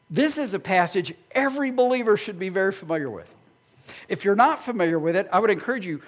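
A male pastor preaching a sermon, animated and acting out imagined voices of his listeners. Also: high voice.

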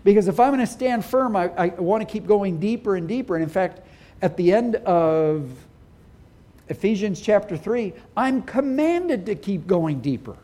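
A man's voice: high-pitched, animated, moderate pace, dark tone. A middle-aged man preaching a sermon as pastor, speaking earnestly and with emphasis.

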